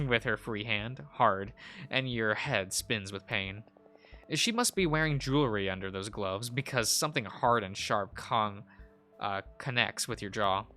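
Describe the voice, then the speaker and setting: A young man reading a visual novel aloud as a let's play host, halting often with fillers and restarts. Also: lowish voice, pushed and bright.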